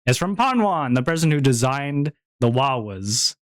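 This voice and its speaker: A man's voice: medium pitch, sing-song, a little slow, no echo. A young man chatting casually on a stream, rambling, repeating himself and laughing often. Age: young adult.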